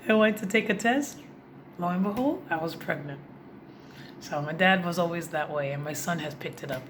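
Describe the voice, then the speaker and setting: A woman's voice: fairly low pitch, expressive, moderate pace. A woman vlogger telling a personal story in a heartfelt, confiding way, speaking directly to her viewers. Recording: noisy background.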